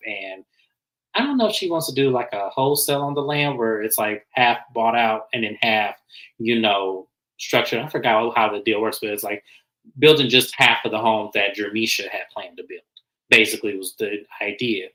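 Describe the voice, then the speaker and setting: A man casually recapping and reviewing a reality TV episode, animated and slangy, acting out what people said. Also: fairly low pitch, a little fast, low-quality recording. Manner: animated, acts out quotes, slangy.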